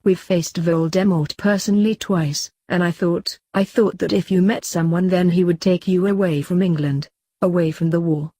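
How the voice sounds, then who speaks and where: A woman's voice: lowish voice, fairly even intonation, normal speed, dark tone, dry recording, studio quality, close to an everyday voice. A woman reading as a devoted, cheeky young husband. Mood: tender.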